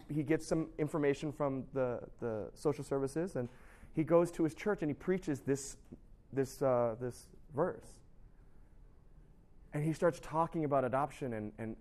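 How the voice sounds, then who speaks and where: A man's voice: mid-range voice, a little mellow. A man giving an informal sermon, telling a story with lots of fillers and restarts, and acting out the people in it. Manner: acts out quoted people in the story. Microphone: recorded live, speaks to a sound tech.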